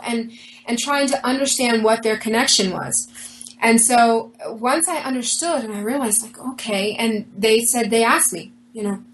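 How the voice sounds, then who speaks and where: Earnest, higher-voiced woman telling her story. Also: moderate pace, slight background noise, rough recording. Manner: earnest, animated retelling with quoted dialogue. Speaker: interview guest. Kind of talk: personal storytelling in an interview.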